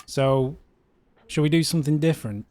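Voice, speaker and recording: A man's voice: fairly high pitch, normal speed, a little mellow. A man from the UK hosting a casual livestream, chatting in a rambling way with frequent fillers. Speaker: livestream host.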